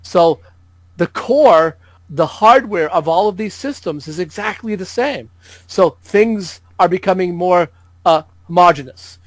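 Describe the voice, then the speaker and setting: Man, podcast guest, high voice, dry close sound, chatty, jokey. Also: expressive, unhurried, no echo, rough recording. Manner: explanatory, jokey. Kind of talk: casual gaming podcast chat.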